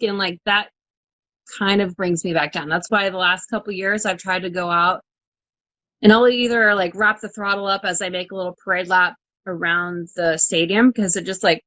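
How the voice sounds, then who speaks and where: A woman's voice: medium pitch, normal speed, no room sound, poor audio. Young woman guest on a video call, chatty and laughing, acts out what she was thinking, sounds dry and close. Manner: animated storyteller, acts out her own inner dialogue, laughs often. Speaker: monster truck driver guest. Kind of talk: casual interview chat.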